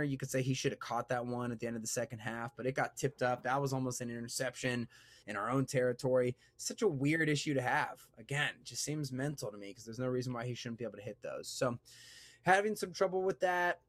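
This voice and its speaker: A man's voice: medium pitch, a little fast, a bit bright, no room sound. A man hosting a sports podcast, reading an ad and chatting casually in a joking, rambling way that keeps interrupting itself. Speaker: podcast host.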